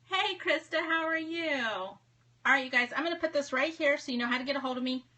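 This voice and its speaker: A bright, high-pitched woman in her thirties chats bubbly and fast with her live viewers. She calls out names one after another and talks on a phone or tablet mic in her home office. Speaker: livestream host. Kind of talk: casual live-stream chat greeting viewers.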